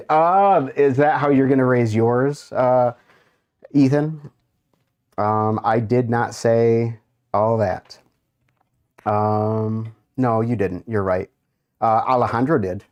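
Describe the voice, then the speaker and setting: Through a muffled recording comes the host's darkish, mid-range voice on his laid-back livestream. He reads viewers' comments aloud without hurry, muttering as he browses and offering amused asides.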